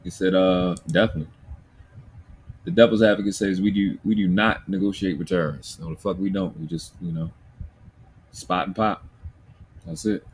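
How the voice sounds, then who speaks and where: A man's voice: sits low, normal speed, pauses often, breathy edge. A man with a Baltimore accent hosting a livestream, talking bluntly and profanely while reading chat comments. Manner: profane, blunt, animated ranting. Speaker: livestream host.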